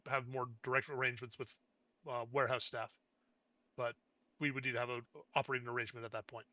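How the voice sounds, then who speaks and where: A man voicing a tired woman cashier at a shipping office, answering in a flat, businesslike way. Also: mid-range voice, fast talker, dry recording, lo-fi sound, lightly acted. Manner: flat, businesslike, matter-of-fact.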